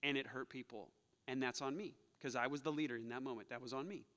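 A man's voice: mid-range voice, steady tone, fast talker, fairly bright tone. A man preaching a sermon as pastor, earnest and confessional, repeating phrases for emphasis, then leading the church in prayer. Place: church sanctuary. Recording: long hall reverb.

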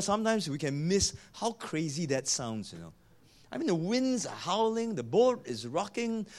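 Lively, animated man preaching. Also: fairly high pitch. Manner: animated, emphatic, repeats key lines. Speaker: pastor. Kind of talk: sermon.

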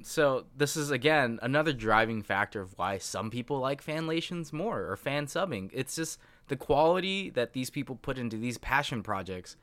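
Mid-pitched american guy, dry close sound, profane rambling chat host. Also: lively intonation, normal speed, a bit bright, no room sound. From United States. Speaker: podcast co-host. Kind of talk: casual chat.

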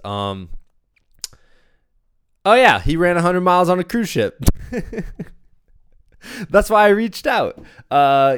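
A man's voice: fairly low pitch, clean tone, no echo. Man hosting his own podcast, dry close sound, easygoing and chatty, restarts often. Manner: chatty, self-deprecating, lots of fillers and restarts. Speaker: podcast host. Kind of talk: casual podcast intro.

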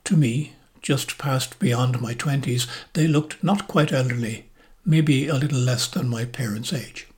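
An older Irish man reads his personal memoir aloud, steady and reflective. His voice often softens to a near-whisper at the ends of phrases. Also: mid-range voice. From Ireland. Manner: measured, reflective, often soft and breathy. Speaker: narrator, motoring and travel journalist.

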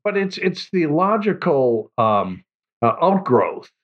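A man's voice: on the high side, big pitch swings, slow pace. Man priest, stumbling thinking aloud. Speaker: priest guest. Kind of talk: casual chat. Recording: dull lo-fi sound.

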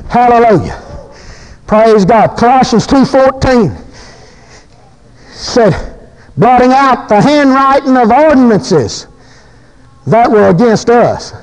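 High-voiced fervent preacher man. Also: expressive, slow, pauses often, poor audio. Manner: fervent, folksy, repeats phrases. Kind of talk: sermon.

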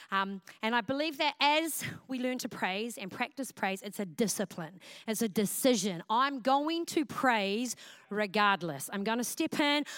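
Loud, expressive woman pastor preaching. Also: on the high side, clear, resonant tone, dry recording, clean studio sound. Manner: loud, expressive preaching with acted self-talk. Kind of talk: sermon.

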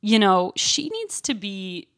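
A woman co-hosting a podcast in casual chat, animated and acting out quotes in a high voice. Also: slow pace, no echo, studio quality. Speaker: podcast co-host.

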